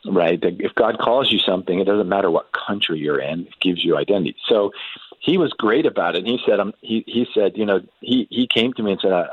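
A middle-aged man telling a story about his son in a relaxed, halting way, with many restarts and fillers. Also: low-pitched, breathy edge, no room sound, phone-quality sound. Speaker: guest parent telling a family story. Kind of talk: casual storytelling in a faith podcast interview.

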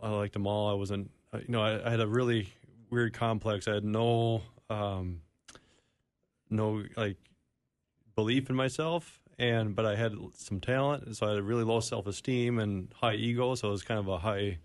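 A man from Minnesota, a studio guest on a radio show, sharing his personal testimony in a halting, self-deprecating way. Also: on the low side, fairly even intonation, dry recording.

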